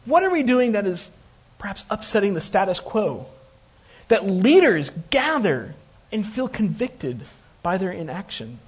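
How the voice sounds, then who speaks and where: A man's voice: high voice, very animated, measured pace, breathy edge. A man preaching a conversational sermon, retelling a scripture story with joking asides.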